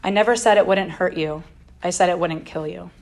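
A woman voicing a blazing angel in a read-aloud story, steady and firm. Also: fairly low pitch, a little fast, natural voice. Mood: insistent. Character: towering fiery angel, calm and insistent.

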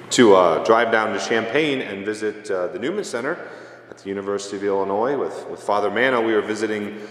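A young male priest giving a homily, telling a self-deprecating story in a relaxed, casual way. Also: fairly low pitch, brisk. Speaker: parish priest. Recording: echoey church with long reverb.

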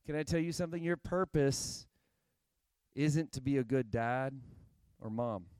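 Male pastor, sermon delivery, animated and emphatic, dry close sound. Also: medium pitch, a little slow, clear, resonant tone, no room sound. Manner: animated preaching, repeats phrases, rising to emphatic.

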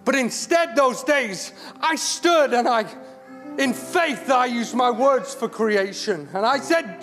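A man's voice: very high-pitched, animated, measured pace, fairly bright tone. A man preaching an impassioned sermon, repeating words as he builds. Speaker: charity CEO, guest preacher. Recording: hall reverb with music.

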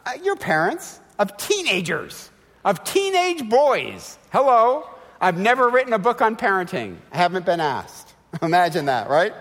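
A middle-aged man preaching a sermon in a church, emphatic and animated, firing off rhetorical questions. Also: high-pitched. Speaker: guest preacher. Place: large church sanctuary. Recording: long church hall reverb.

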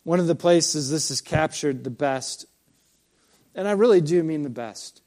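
A man's voice: on the high side, unhurried, darkish tone. A man preaching a sermon conversationally, with frequent fillers and asides of "right?". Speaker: pastor.

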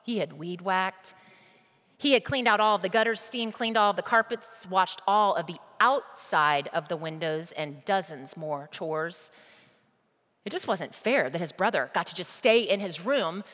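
Woman preacher, sermon, emphatic storytelling, mid pitch, long hall reverb. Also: a bit bright. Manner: storytelling, emphatic, direct address.

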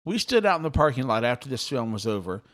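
A middle-aged man hosting a podcast in an animated, talkative way, often repeating and restarting his words. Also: medium pitch, quick pace. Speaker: podcast host. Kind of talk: excited casual chat.

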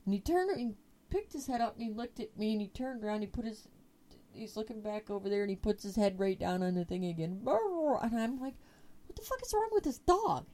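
A woman's voice: mid-range voice, brisk. Profane, chatty woman podcast host. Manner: profane, animated storyteller. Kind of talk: casual storytelling chat.

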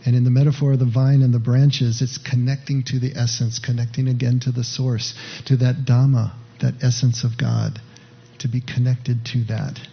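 A man's voice: medium pitch, level tone, moderate pace, gravelly, slightly rough, lo-fi sound. A man who is a pastor, preaching a sermon in a conversational teaching manner and often asking "right?".

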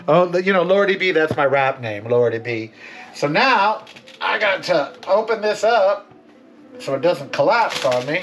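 Male cooking vlogger, campy and sassy, very animated delivery, faint music bed. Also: fairly high pitch, unhurried. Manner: campy, sassy, theatrical asides. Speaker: cooking vlog host. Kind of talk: casual cooking chat. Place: home kitchen.

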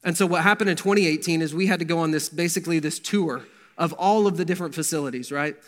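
Middle-aged man, slightly high voice, chatty testimony talk with ums and restarts, long hall reverb. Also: fast. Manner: conversational storytelling with many ums and restarts. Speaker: guest speaker at men's breakfast.

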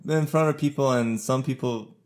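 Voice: mid-range voice, normal speed, a little mellow. A podcast co-host who chats with a chuckle and sounds a bit self-conscious. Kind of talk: casual chat.

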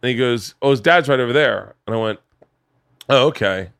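A middle-aged man telling a story in a casual podcast chat, lively and profane, jumping into voices for the people in it. His voice sits at a mid pitch. The sound is close and dry. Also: fairly quick, gravelly, smooth, dry recording. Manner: animated, swearing, acts out voices while telling stories. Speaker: podcast host. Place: home podcast studio.

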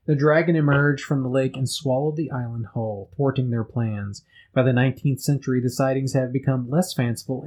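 A man's voice: medium pitch, darkish tone, poor audio. A man co-hosting a casual podcast, reading out folklore news and breaking in with joking asides. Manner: jokey, riffs and interrupts with asides. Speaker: guest co-host.

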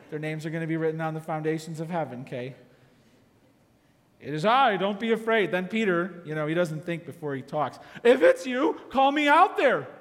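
Male pastor preaching with animated energy, fairly high voice, long hall reverb. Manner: animated, acts out quotes with sudden loud shouts. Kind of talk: sermon.

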